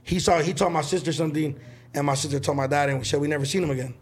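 A man's voice: a little high, rapid-fire, slight background noise. A man in casual chat telling a childhood story in a rambling, hesitant way.

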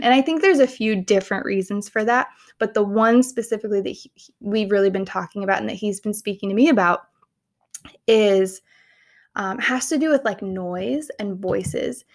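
A woman's voice: mid-range voice, moderate pace. A young adult woman hosting a casual faith-based podcast, talking in an earnest, heartfelt and conversational way. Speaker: podcast host.

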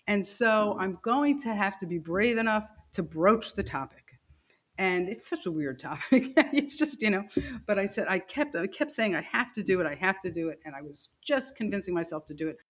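A woman's voice: medium pitch, normal speed. A woman telling a personal story as a podcast guest. She laughs as she goes and acts out the lines of the people in it. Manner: animated, laughing storyteller who acts out quoted dialogue.

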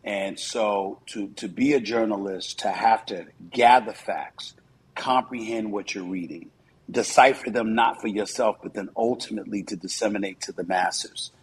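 A man's voice: on the low side, normal speed, breathy edge, rough recording. A man in his fifties, a commentator, giving earnest, reflective interview answers with frequent fillers.

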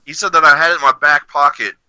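A man's voice: fairly high pitch, steady tone, fast talker, pushed and bright, poor audio. A man co-hosting a podcast, telling rowdy stories in casual chat, swearing freely and laughing often. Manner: loose storytelling with heavy profanity and laughter. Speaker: podcast co-host.

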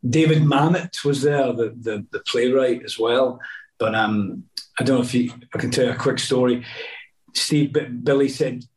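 A man's voice: mid-range voice, moderate pace. A middle-aged man, a guest actor telling rambling stories in casual chat, full of restarts and asides. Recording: voice a bit distant from the mic.

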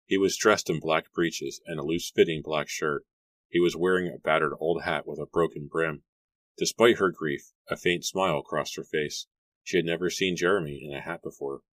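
A man narrating an audiobook in a measured storybook reading. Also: rumbling low, fairly even intonation, fairly bright tone, no echo.

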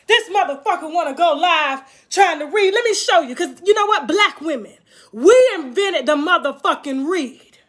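Woman going off on a livestream, real high bright voice, cussing and mocking. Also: lively intonation, normal speed. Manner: taunting, crude, mocking with laughter. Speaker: livestream host. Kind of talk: profane livestream rant.

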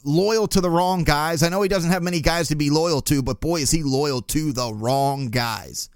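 A man's voice: a little high, normal speed, no room sound, clean studio sound. A young man hosting a casual sports talk podcast, rambling in a sarcastic, exasperated way. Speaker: podcast host.

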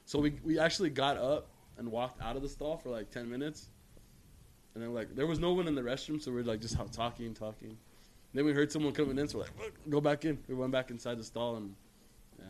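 A man's voice: medium pitch, quick pace. A man co-hosting a casual podcast, telling a story in a loose, chatty way with fillers and swearing. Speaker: podcast co-host.

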